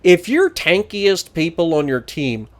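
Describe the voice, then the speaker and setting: A man narrating his own gameplay with a joking, teasing manner. His voice sits a touch high and swings widely in pitch. He sounds lively and entertained throughout. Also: a little slow. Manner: animated, joking, teasing opponents. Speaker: gaming channel host. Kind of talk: gameplay commentary.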